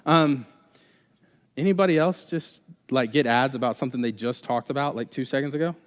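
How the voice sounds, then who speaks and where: A man's voice: mid-range voice, fairly quick. A young adult man preaching a sermon live in a church, talking casually and rambling with many restarts and fillers. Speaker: pastor. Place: church sanctuary. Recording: live church recording with long hall reverb.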